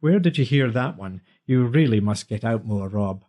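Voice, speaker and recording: A man voicing a quick-witted young singer and actor who banters playfully and talks back defiantly. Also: medium pitch, animated, mellow, natural voice.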